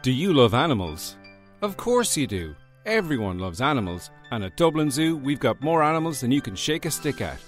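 A man's voice: mid-range voice, very animated, normal speed, soft background music, voice pushed up, lightly acted. A man doing a bouncy, over-eager ad announcer. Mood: hyped. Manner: loud, bouncy, hard-selling.

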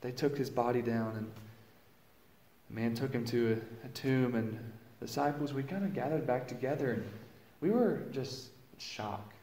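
A man preaching a dramatic first-person monologue, storytelling and swinging from hushed lows to loud exclamations, recorded in a church. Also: moderate pace, a little hiss or hum. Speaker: pastor. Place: church sanctuary. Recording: roomy echo.

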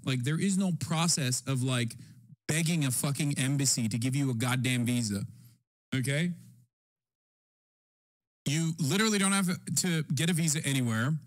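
A man in his thirties streaming, reacting to clips in casual chat with loud, profane, animated riffing. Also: medium pitch, normal speed, long pauses.

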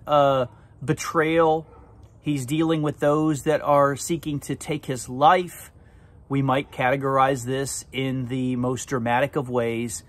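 Male pastor, slightly high voice, unhurried devotional preaching with drawn-out emphasis. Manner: slow, deliberate, drawn-out emphasis. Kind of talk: devotional sermon with prayer.

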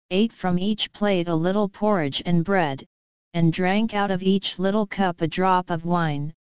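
A woman's voice: mid-range voice, darkish tone, smooth, no room sound, rough recording. A woman narrating a fairy tale in careful, evenly paced scripted narration for English learners. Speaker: storybook narrator.

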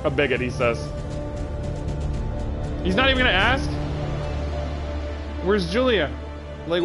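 A man streaming a game live, chatting in an animated, joking and profane way. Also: high-pitched, a little slow, pauses often, faint music behind. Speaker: gaming streamer. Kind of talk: casual live-stream commentary.

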